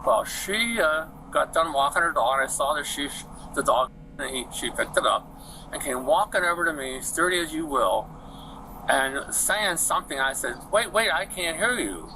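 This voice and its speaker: A man's voice: fairly high pitch, lively intonation, moderate pace. A man in his seventies rambling to police about what happened, chatty and repeating himself, recorded outdoors on a body camera. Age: 70s. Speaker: witness talking to police. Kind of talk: rambling storytelling. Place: outdoors on a street. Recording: outdoor body-cam audio with background noise.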